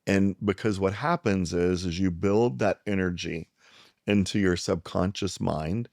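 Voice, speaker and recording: A middle-aged psychiatrist from South Texas tells a long personal story as a guest and acts out the voices of the people in it. His voice sits very low and has a rough, gravelly edge. The sound is dry and close, with no room echo. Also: unhurried. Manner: animated storyteller who acts out the people he quotes. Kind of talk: storytelling in a conversation.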